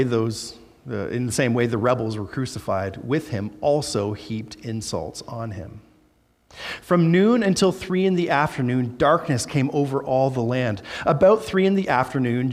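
A man's voice: mid-range voice, normal speed, long reverb tail. A man who is a Baptist pastor, preaching a sermon in a conversational way and reading scripture aloud with emphasis.

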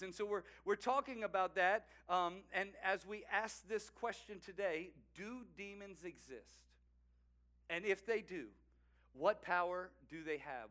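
A male pastor preaching with an animated, emphatic delivery and quick laughing asides. His voice sits high for a man and rings bright and forceful. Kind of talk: sermon.

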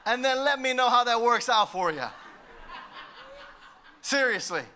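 A male pastor preaching a sermon in an emphatic way, with sudden swells in loudness. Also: very high-pitched, lively intonation, measured pace, slight background noise.

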